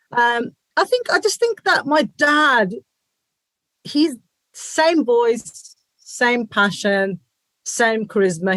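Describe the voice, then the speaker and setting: A British woman in her forties chatting as an interview guest, energetic and animated, acting out quoted voices. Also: fairly high pitch, dry recording. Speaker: guest, dhol player and group founder. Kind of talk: casual interview chat.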